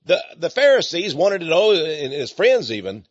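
An older man with an East Texas drawl, preaching in a folksy, rambling way. His voice is husky, and his pitch swings widely between phrases. The sound is dry and a bit dull, like a lo-fi recording. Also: big pitch swings, normal speed, dry recording. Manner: folksy, repeats words, chuckles. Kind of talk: folksy sermon-style talk.

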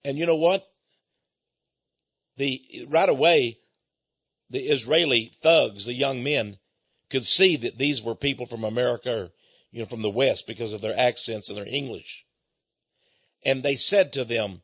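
A man's voice: medium pitch, a little slow, pauses often, fairly bright tone, husky, dry recording. A man preaching an emphatic, repetitive monologue that speaks directly to his listeners. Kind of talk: radio-style sermon monologue. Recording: dull, muffled dry recording.

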